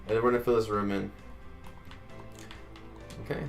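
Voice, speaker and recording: A man's voice: fairly low pitch, level tone, normal speed, gravelly, soft background music. A man hosting a casual game-building tutorial, talking chattily to viewers and counting blocks aloud. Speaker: Minecraft tutorial host.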